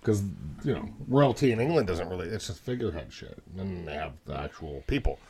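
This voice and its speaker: A man's voice: sits low, expressive, a little fast, a crowd in the background. A man from Canada co-hosting a casual beer-tasting chat, joking around and swearing casually. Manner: joking, swears casually, goofy repeated words. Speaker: podcast co-host.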